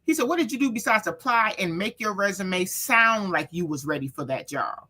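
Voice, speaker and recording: A woman's voice: medium pitch, fairly quick. A woman, an author guest, telling family stories in casual chat and acting out the quotes. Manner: animated storyteller, acts out quotes.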